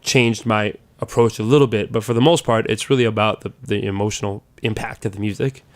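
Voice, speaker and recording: A man's voice: lowish voice, steady tone, a little fast. A man, a guest soul musician, chatting casually in an interview, rambling and restarting his sentences. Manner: rambling, restarts and repeats words. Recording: loud guitar music under the voice. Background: loud guitar music.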